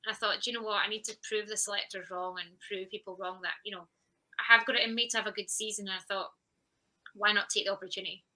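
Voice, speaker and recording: A woman guest on a podcast, relaxed and chatty. Her voice is very bright and sharp. She tells her story with animation and slips into her own past thoughts as she goes. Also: medium pitch, quick pace, low-quality recording. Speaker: guest, champion sprinter. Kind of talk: conversational podcast interview.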